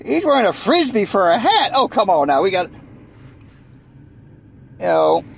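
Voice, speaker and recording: A man's voice: high-pitched, huge pitch swings, unhurried, vocal fry, slight background noise, rough recording. A man rambling through a sarcastic comic monologue, full of restarts and mock voices. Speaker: comedian. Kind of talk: rambling stand-up style monologue.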